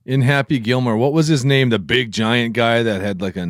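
A man's voice: medium pitch, moderate pace, no room sound, studio quality. A man co-hosting a casual podcast chat, laughing often and tossing in teasing asides. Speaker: podcast co-host.

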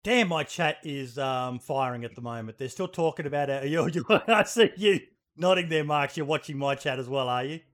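Blunt, high-voiced podcast host. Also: male voice, normal speed, fairly bright tone. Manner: blunt, swears freely. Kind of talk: casual livestream podcast chat.

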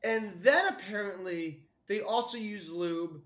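A man's voice: sits high, a bit bright. A young man co-hosting a podcast, telling crude stories in rambling casual chat, stumbling over restarts. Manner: rambling, halting restarts, laughs at own jokes. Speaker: podcast co-host.

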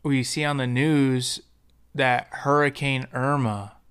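A man's voice: mid-range voice, takes it slowly, clear, resonant tone. A young American man hosting a podcast, telling a personal story in a candid, profane and slangy way. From United States. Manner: profane, slangy, animated when quoting others. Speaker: podcast host.

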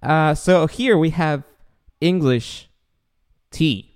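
A man's voice: fairly high pitch, drawn-out words, a little mellow, clear, resonant tone. Joking man hosting a casual podcast. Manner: joking, curious, loose and profane. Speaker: podcast host.

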